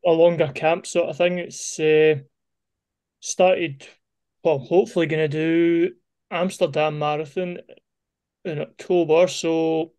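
A man as a guest athlete on a podcast, chatting in a relaxed, matter-of-fact way. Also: on the high side, unhurried, clean tone. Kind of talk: casual interview chat.

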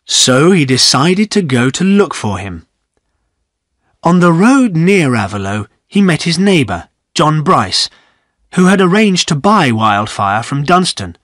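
A man narrating a graded-reader audiobook in a steady, clear storytelling manner. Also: on the high side, unhurried, no room sound, clean studio sound.

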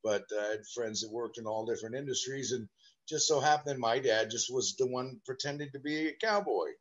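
A man in his fifties from Southern California, a guest in an interview, telling animated, rambling anecdotes about his childhood. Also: mid-range voice, brisk, lo-fi sound. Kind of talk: storytelling interview.

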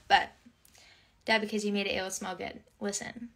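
A woman's voice: medium pitch, level tone, moderate pace, a bit bright. A young woman hosting a casual livestream, chatting to viewers and reading out comments in a bubbly, rambling way full of filler words.

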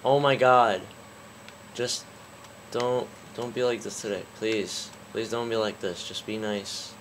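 A man's voice: lowish voice, fairly even intonation, measured pace, a little hiss or hum. A man commentating a game, cursing constantly and getting angry, with a sore throat. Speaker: gaming YouTuber. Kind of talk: let's play commentary.

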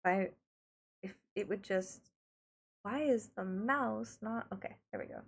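A woman's voice: mid-range voice, unhurried, vocal fry, slightly rough. A woman with an Australian accent, live-streaming in casual chat, giggly and flustered as she talks to her chat.

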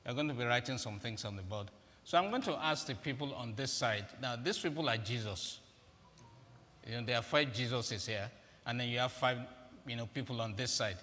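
In an echoey hall with faint ambience, a guest preacher delivers a humorous sermon, directing volunteers on stage in a large auditorium. His mid-range voice is brisk, pushed and bright.

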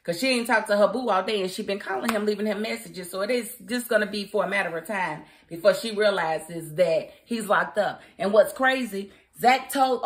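A woman giving a casual, opinionated spoken review of a TV episode, chatty and quick to laugh. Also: medium pitch, expressive, fairly bright tone. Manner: chatty and opinionated, laughs often, mimics characters. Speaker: TV show reviewer.

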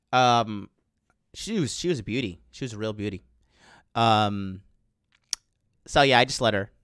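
A man's voice: lowish voice, fairly bright tone, smooth, dry recording, clean studio sound. A man hosting a dating show, talking casually and crudely to his live chat viewers, rambling and swearing as he tells stories. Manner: crude, profane, rambling storytelling. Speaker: dating coach host.

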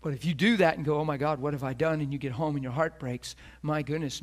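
A man's voice: on the high side, fairly even intonation, fast, few pauses. A middle-aged man preaching a sermon as a pastor, telling a personal story earnestly and acting out the voices of the people in it.

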